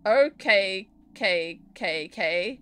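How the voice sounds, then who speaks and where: A woman's voice: medium pitch, animated, extremely slow, fairly bright tone, smooth. A young woman with an Australian accent, chatting casually and giggling as she streams from home, answering her chat while she plays and draws.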